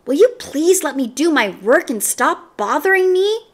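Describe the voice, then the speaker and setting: A woman reading a storybook aloud, voicing a schoolboy who keeps getting in trouble and mostly speaks in a hush. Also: high voice, very animated, slow, voice pushed up, full character voice. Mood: exasperated. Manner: hushed, careful. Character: boy schoolkid always in trouble.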